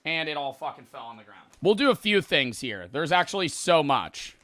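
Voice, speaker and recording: Young man streaming, bright and lively. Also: on the high side, moderate pace. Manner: profane, exasperated, rambling. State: reeling from spicy food. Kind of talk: casual livestream chat.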